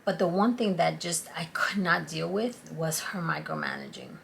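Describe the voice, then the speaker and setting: Gravelly-voiced woman telling a story. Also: on the low side, moderate pace, slight background noise. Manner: animated, confiding, acts out quotes. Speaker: vlogger. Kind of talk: casual storytelling to camera.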